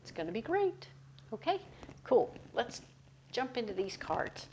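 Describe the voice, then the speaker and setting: A woman's voice: fairly high pitch, big pitch swings, measured pace, a little mellow, a little hiss or hum. A woman giving a casual, upbeat tarot reading to camera, chatty and often correcting herself mid-sentence. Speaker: tarot reader.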